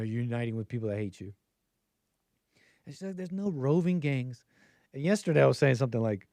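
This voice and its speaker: A man's voice: mid-range voice, dark tone, no echo, clean studio sound. An American man hosting a livestream call-in show, talking in a sarcastic, mocking way. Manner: sarcastic, mocking quoted voices.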